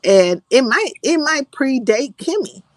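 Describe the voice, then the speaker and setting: A woman's voice: high voice, very animated, unhurried, no room sound. A woman hosting a casual livestream chat, blunt and profane, reading out viewer comments and giving her opinion. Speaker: livestream host.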